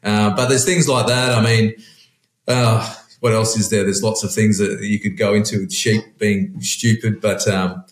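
A man, a pastor who farms sheep, speaks in a fairly low voice. He chats loosely and rambles, restarting his sentences often. The recording has a noticeable room echo. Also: normal speed. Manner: relaxed, rambling, frequent restarts. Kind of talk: casual conversation. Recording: roomy echo.

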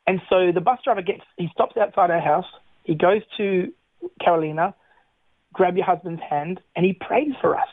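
A slightly high-voiced man shares his faith testimony as a radio guest. He tells it earnestly, stumbles and restarts often, and chuckles between lines. The sound is thin and phone-like, with a dry, close feel. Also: normal speed, no echo. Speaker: interview guest. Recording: tinny phone line, dry.

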